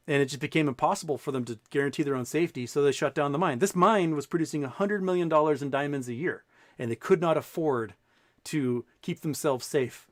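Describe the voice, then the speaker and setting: A man's voice: fairly high pitch, fast, no echo. Chatty storytelling man, dry sound. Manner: storytelling, animated quoting, many restarts. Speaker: podcast host. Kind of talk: casual chat.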